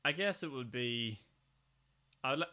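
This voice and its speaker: A man's voice: mid-range voice, animated, moderate pace, pushed and bright. A man, hosting a casual interview, chatty and full of "like" and "you know". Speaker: host.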